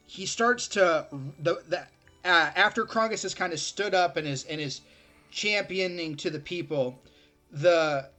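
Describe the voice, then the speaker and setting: A game master narrating a tabletop adventure, a man with a slightly high, bright voice. He talks slowly and stops often on fillers as he describes the scene. Faint music plays behind him. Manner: slow, hesitant narration with many fillers.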